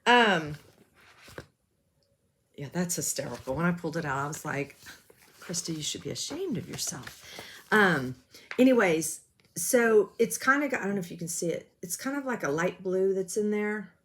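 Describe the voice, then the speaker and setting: Her lowish voice has lively intonation at a moderate pace, with a little hiss or hum in the recording. A cross-stitch vlogger, she rambles casually through a show-and-tell of her stitching, self-deprecating and full of ums.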